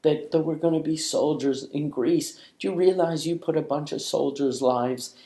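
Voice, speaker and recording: A man's voice: on the high side, normal speed, roomy sound, voice pushed up, natural voice. A man doing a furious military official. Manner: yelling insults.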